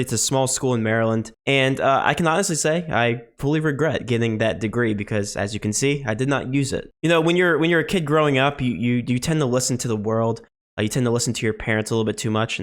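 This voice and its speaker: A man's voice: medium pitch, fast talker. A young man in his twenties talking earnestly to his viewers in a personal vlog, his voice nasal from illness, often repeating words as he gathers his thoughts. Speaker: sports betting channel host.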